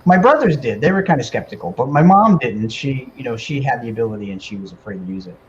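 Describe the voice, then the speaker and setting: A man guest on a talk radio show, telling an emotional personal story in a casual, animated way with many fillers. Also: medium pitch, quick pace, highs cut off, a little hiss or hum. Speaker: guest medium and author.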